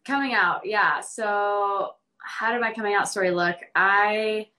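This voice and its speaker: Bright-toned young woman, earnest and chatty. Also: mid-range voice, measured pace. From Central Arkansas. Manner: earnest, many ums and likes, laughs easily. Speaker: guest. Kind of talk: casual podcast conversation.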